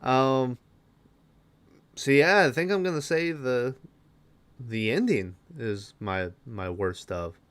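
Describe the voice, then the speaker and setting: A man's voice: medium pitch, slow, pauses often, a bit bright. A man hosting a podcast, giving a rambling, casual movie recap full of fillers and restarts. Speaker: podcast host.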